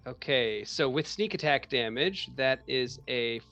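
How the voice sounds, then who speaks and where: A man's voice: medium pitch, expressive, unhurried, bright, forceful tone, soft background music. A man playing a tabletop game, calling his rolls in a matter-of-fact way. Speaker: player. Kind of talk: casual tabletop play.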